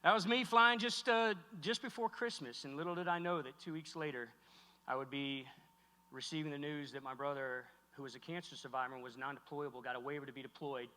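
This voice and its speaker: Middle-aged man, keynote speaker, bright and forceful tone, echoey hall, halting heartfelt delivery. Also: on the high side, fairly even intonation. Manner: halting, heartfelt, many restarts. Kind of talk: emotional keynote speech. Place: large hall on stage.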